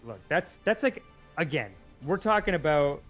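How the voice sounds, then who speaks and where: A man's voice: a little high, very animated, normal speed, a bit bright, faint music behind. A man co-hosting a casual political chat, blunt, dismissive and swearing freely. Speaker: podcast co-host.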